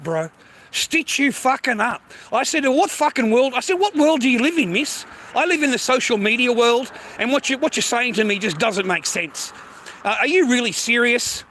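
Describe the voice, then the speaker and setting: Profane ranting Australian man, high voice. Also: sharp tone, a little hiss or hum, low-quality recording. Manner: profane, repetitive, heated. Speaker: streamer. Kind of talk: casual ranting monologue.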